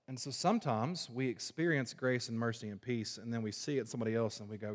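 A man preaching a sermon to a congregation, moving between forceful emphasis and hushed, low passages. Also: fast, few pauses. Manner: dynamic preaching, swinging from loud emphasis to hushed low tones. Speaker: pastor. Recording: long reverb of a large hall.

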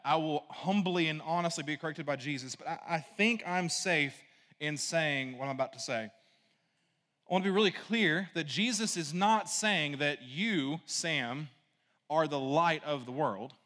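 A man's voice: a little high, a bit bright, big-room sound. A man preaching a conversational sermon, casual and rambling, full of asides and "right?" checks to the congregation. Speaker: pastor.

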